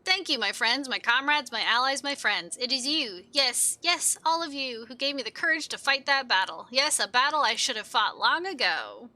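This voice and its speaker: Cast: woman voicing a squeaky, melodramatic little foreman, fussy and boastful, with a sharp edge to the voice. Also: expressive, moderate pace, hardly any pauses, heavily acted. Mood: grandiose. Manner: repeats himself in breathless strings of synonyms.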